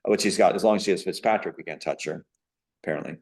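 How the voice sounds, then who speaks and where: A man with a somewhat low-pitched voice speaks as a guest in an interview. He tells a long personal story in a rambling way. His tone is emphatic and indignant, and his sentences are broken up by ums and uhs. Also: fast talker, darkish tone. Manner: emphatic, indignant, with frequent fillers.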